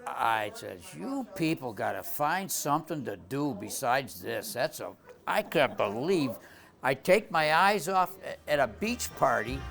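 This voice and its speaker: A man's voice: mid-range voice, sing-song, measured pace, creaky, fairly bright tone. An older man who runs a tavern, telling old stories in a rambling way, full of restarts and "you know". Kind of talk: rambling spoken anecdotes.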